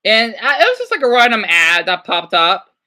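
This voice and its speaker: A woman with a bright, clear, fairly high voice talks casually while reacting to clips. She is chatty and a little hesitant, often stopping to apologize or restart a sentence. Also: huge pitch swings, normal speed. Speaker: streamer reacting to videos.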